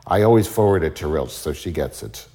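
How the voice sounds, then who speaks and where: A man hosting a live stream, thanking donors and rambling in a profane, deadpan way. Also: extremely low pitch, brisk. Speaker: livestream host.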